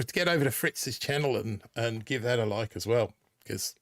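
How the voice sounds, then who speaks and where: A man's voice: mid-range voice, a bit bright, no room sound, studio quality. A man hosting a casual live stream in a put-on Australian accent, rambling and joking as he reads out chat names. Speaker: livestream host.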